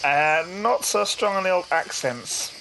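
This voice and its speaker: A man's voice: high-pitched, expressive, a little slow, creaky, noisy background. A man playing a comedy tabletop game, flustered and protesting with laughter. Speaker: podcast co-host, player.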